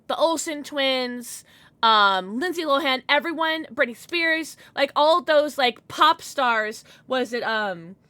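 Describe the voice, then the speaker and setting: A woman's voice: sits high, pushed and bright, dry recording. A woman in her thirties chatting casually with her stream viewers, affectionate and full of fillers.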